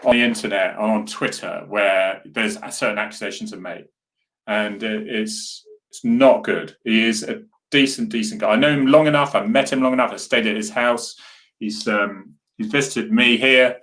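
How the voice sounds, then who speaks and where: Earnest, rambling man, low voice. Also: steady tone, moderate pace, fairly bright tone. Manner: rambling, earnest, with many restarts and asides to viewers. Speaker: host. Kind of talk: casual live chat reading viewer comments.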